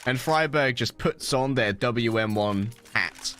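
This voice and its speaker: A man casting a live esports match, jokey and excitable, dropping low for quiet moments and rising high on big plays. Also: takes it slowly, smooth. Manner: excitable, jokey, swings from low murmurs to high hype calls. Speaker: esports caster. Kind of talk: live esports play-by-play commentary.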